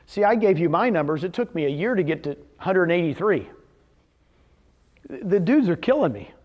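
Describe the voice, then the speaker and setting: An energetic middle-aged man giving a motivational business talk, firing questions at the audience and answering them himself. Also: high voice. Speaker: real estate brokerage executive speaking at a company event.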